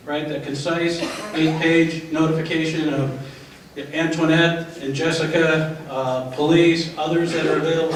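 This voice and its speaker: A middle-aged man leading a staff training workshop, lecturing in a lawyerly way and often tagging his points with "right?". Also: a little high. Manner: lawyerly, asks rhetorical questions and tags them with "right?". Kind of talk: lecture with questions to the audience. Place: large echoey room. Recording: echoey room recorded from far off.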